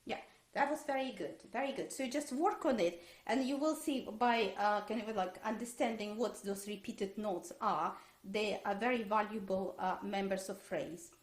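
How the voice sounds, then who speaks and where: A woman's voice: medium pitch, moderate pace, slight background noise. A woman teaching a violin masterclass online. She hesitates with many fillers and sings musical phrases on syllables. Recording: roomy echo.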